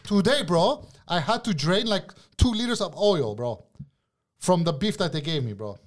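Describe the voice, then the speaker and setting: A man's voice: high-pitched, expressive, normal speed. A man, a kitchen cook telling a work story as a podcast guest, blunt and profane, calling everyone "bro.". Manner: blunt, profane ranting, says "bro" constantly. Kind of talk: casual storytelling chat.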